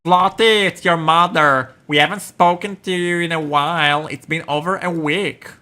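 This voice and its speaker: Fussy game mom on an answering machine, raised and nagging, male streamer doing it, pitched high. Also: steady tone, normal speed, pushed and bright, a little hiss or hum. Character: middle-aged mother leaving a fussy voicemail.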